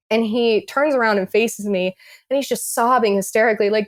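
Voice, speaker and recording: A woman's voice: on the high side, steady tone, quick pace. A young woman telling her own story on a podcast in a casual, rambling way, full of "like" and acted-out quotes. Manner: rambling, many "like"s, acts out quotes.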